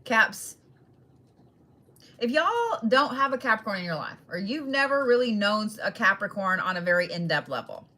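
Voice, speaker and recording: Blunt, bright-voiced woman giving zodiac readings. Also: mid-range voice, sing-song, moderate pace. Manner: blunt, swears freely, laughs often; direct address to each sign. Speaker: tarot and astrology reader.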